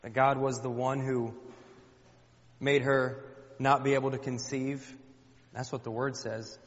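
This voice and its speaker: A male pastor preaches in an easy, conversational manner and keeps turning to the congregation with questions. His voice sits at an ordinary middle pitch. The sound is dull and slightly muffled, with a long reverb hanging in a large church hall. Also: little pitch movement, measured pace. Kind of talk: sermon.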